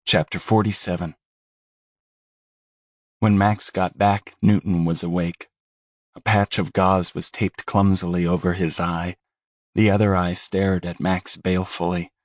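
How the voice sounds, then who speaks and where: A man narrating a horror novel as an audiobook, in a measured, grave and steady delivery. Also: low-pitched, no room sound, clean studio sound.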